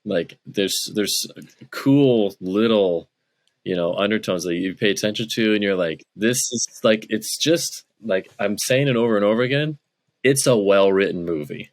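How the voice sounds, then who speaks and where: A man's voice: lowish voice, moderate pace, no echo. A man co-hosting a podcast, explaining film details point by point in casual chat. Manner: explanatory, lays out points in order. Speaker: podcast co-host. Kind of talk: casual movie review chat.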